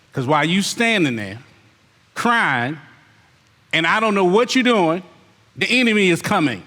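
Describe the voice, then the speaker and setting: A man preaches a fiery sermon. His voice sits high, and it echoes through a large hall. He calls out the congregation directly and mocks their excuses. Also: pushed and bright. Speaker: pastor.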